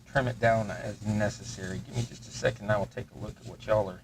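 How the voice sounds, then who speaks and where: A man's voice: lowish voice, fairly even intonation, fast, slight background noise, poor audio. A man hosting a crafting livestream, casually narrating each step of his work as he thinks aloud at his workbench. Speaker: host of a terrain-crafting livestream.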